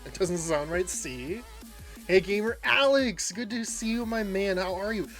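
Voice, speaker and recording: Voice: medium pitch, lively intonation, unhurried, faint music behind. A game streamer chatting casually and rambling through a story, laughing often and greeting viewers by name. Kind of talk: casual livestream chat while gaming.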